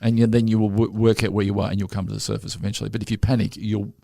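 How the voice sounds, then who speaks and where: Gravelly Australian man on a podcast. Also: lowish voice, flat delivery, very fast, mellow, no room sound, studio quality. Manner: rambling, self-interrupting storyteller. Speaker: podcast co-host. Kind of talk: casual chat.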